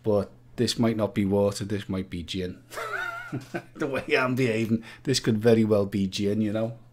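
Playful quiz host, jokey banter. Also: male voice, lowish voice, fairly even intonation, moderate pace, darkish tone, a little hiss or hum. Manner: playful, jokey, chatty with viewers. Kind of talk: live-stream quiz banter.

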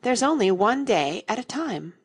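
A woman's voice: fairly high pitch, sing-song, normal speed, breathy edge, voice pushed up, full character voice. A woman doing an earnest, polite young girl.

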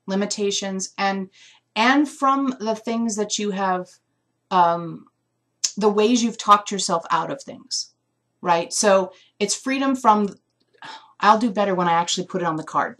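A woman's voice: mid-range voice, a little slow, a bit bright. A woman giving a live intuitive reading of an essential oil, musing aloud and searching for words with frequent fillers. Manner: emotional, close to tears.

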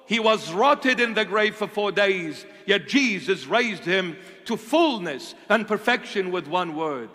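A man preaching a sermon as a bishop, impassioned and full of rhetorical questions, swinging between loud and hushed delivery. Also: high-pitched, animated, a little slow, few pauses. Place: church. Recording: long church reverb.

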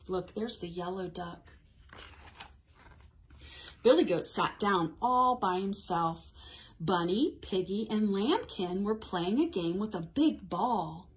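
A woman's voice: mid-range voice, expressive, slow pace. A woman librarian leading a toddler storytime, encouraging and sing-song, reading a picture book aloud. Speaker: children's librarian.

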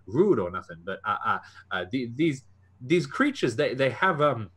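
A man's voice: medium pitch, sing-song, moderate pace, fairly bright tone, slightly rough. A man voicing a flustered, pot-bellied older male salesman held prisoner, who stammers and repeats his words in a folksy, chatty way. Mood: embarrassed.

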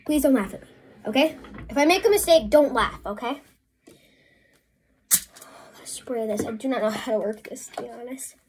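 A woman's voice: a little high, moderate pace, long pauses, a little mellow, a little hiss or hum. A woman chatting casually through a messy home crafting vlog, flustered and apologetic as things go wrong. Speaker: vlogger. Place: home, indoors at a work table.

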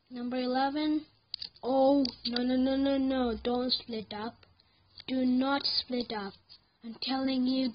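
A woman giving live commentary on her gameplay, excitable, yelling at the game and repeating words over and over. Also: high voice, lo-fi sound, a little hiss or hum.

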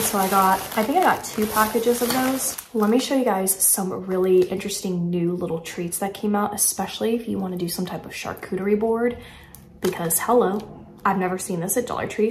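A chatty woman talks through her shopping finds in a relaxed, enthusiastic way, often pausing on "like" and "um". Her voice sits at an ordinary middle pitch. The room around her is echoey, with a faint hiss of noise underneath. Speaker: haul vlogger. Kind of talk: casual product haul chat.

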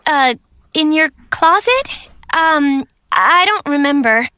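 An actress playing an evasive teenage daughter in a textbook listening dialogue, hesitating with ums and uhs. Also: female voice, high voice, lively intonation, slow pace, pushed and bright, dry recording, studio quality, heavily acted.

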